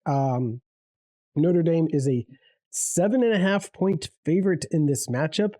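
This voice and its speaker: A man co-hosting a casual sports picks podcast, easygoing and halting, often repeating his words. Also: a little high, dark tone, no echo. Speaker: podcast co-host.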